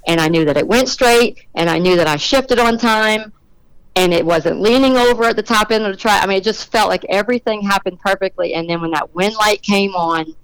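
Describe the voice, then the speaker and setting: A middle-aged woman being interviewed on a podcast, telling an animated story about her racing and acting out the voices of the people in it. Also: mid-range voice, brisk, smooth, no echo, rough recording. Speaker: drag racing motorcycle rider, guest.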